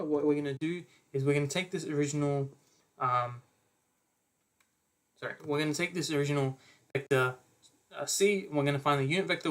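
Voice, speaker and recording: A young man giving an online maths revision lecture, casually talking through each step of his working with fillers and quick self-corrections. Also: on the high side, fairly bright tone. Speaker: maths tutor.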